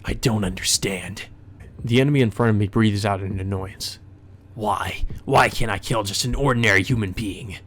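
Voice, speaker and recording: A man's voice: on the low side, moderate pace, a bit bright. A man reading a visual novel aloud, voicing a vengeful, resentful young man in a bitter, accusing, cold manner.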